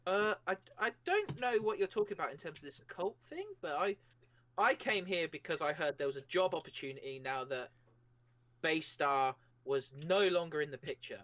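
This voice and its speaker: A man playing a breezy, smooth-talking con man. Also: on the high side, animated, normal speed, fairly bright tone. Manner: polite, evasive.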